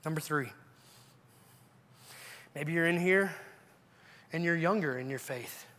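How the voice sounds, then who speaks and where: A man's voice: fairly high pitch, slow, sharp tone, in a large hall. A male pastor preaching a sermon in a church, earnestly urging his listeners with repeated questions. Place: church sanctuary.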